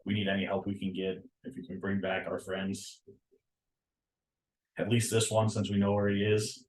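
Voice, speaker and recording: A man playing in a tabletop game, speaking in a low-key way. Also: completely flat delivery, normal speed, echoey room, low-quality recording. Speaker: player. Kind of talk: casual tabletop game chat.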